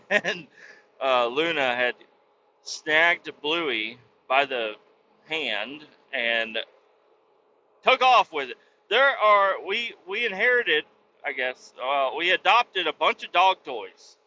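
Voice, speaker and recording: A man's voice: a little high, expressive, slow, sharp tone, highs cut off, a little hiss or hum. A man telling stories in a casual, profane, rambling monologue as the host, talking from his truck. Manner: profane, blunt storytelling. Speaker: podcast host.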